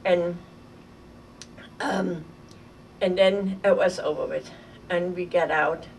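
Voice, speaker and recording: An older woman from Germany telling a vivid, halting story from her childhood in an oral history interview. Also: fairly low pitch, fairly even intonation. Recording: distant mic with faint noise.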